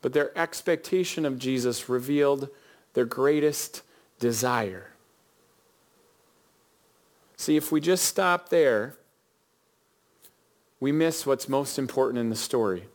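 A man's voice: medium pitch, takes it slowly, pauses often. A male pastor preaching a sermon, telling a story and asking his listeners questions. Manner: earnest, storytelling, addresses the congregation with questions.

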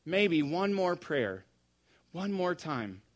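Preacher acting as blind beggar man, desperate, loud pleading cries, raised voice. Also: a little high, very animated, takes it slowly, voice pushed up.

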